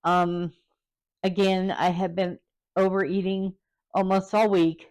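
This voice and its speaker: A woman vlogger talking candidly and hesitantly, pausing often and close to tears. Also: lowish voice, level tone, a little mellow. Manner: halting and hesitant, many pauses; openly vulnerable, close to tears. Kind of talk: candid personal vlog.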